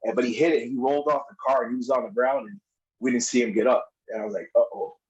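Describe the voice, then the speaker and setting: Lo-fi animated storytelling man. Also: medium pitch, fast talker. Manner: animated storyteller, acts out others' lines in raised voices, laughs often. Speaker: podcast guest. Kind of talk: casual storytelling.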